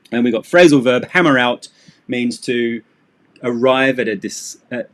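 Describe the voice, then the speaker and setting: A middle-aged man leads a live English class. He explains phrasal verbs and idioms in a loose, joking way. He keeps slipping in sarcastic asides. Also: medium pitch. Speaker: English teacher. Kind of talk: live-streamed English lesson.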